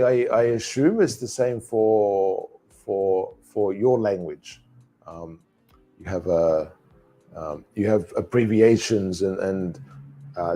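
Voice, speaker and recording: A man teaching English alone in a live online lesson, repeating phrases slowly for pronunciation practice. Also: low voice, a little mellow, slight background noise.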